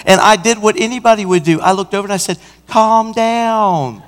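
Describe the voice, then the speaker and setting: A senior pastor preaching a sermon, acting out a roadside anecdote with lively emphasis. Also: male voice, high voice, racing, slight background noise. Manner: animated preaching, acts out an anecdote. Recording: church hall with long reverb.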